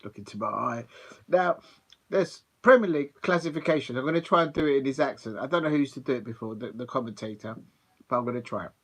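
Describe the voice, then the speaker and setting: A man's voice: medium pitch, lively intonation, fast talker, a bit bright, husky. Rambling man hosting a football stream. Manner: chatty, rambling, with many fillers. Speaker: football watch-along streamer. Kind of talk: casual live commentary.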